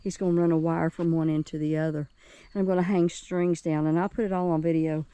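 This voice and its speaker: A woman's voice: sits low, fairly even intonation, fast, dark tone, clean tone, no room sound. Chatty woman touring her garden. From West Virginia, USA. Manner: chatty, cheerful, keeps addressing viewers. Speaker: gardening vlogger. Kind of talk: casual garden tour vlog. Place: outdoors in a home garden.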